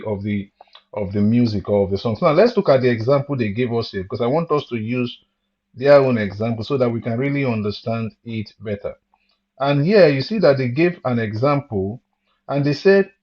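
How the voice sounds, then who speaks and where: A man's voice: mid-range voice, dull audio. A man teaching an online music theory lesson, explaining step by step and reading lyrics aloud to show where the stress falls. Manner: explains step by step, repeats key points, reads words aloud to show stress.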